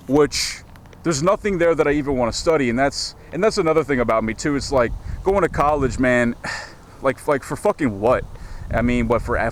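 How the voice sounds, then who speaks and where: A man's voice: on the high side, a little hiss or hum. Stammering, swearing man ranting outdoors. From United States. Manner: profane, rambling, stammering rant. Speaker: vlogger. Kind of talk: casual vlog monologue. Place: outdoors in a small town street. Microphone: handheld camera.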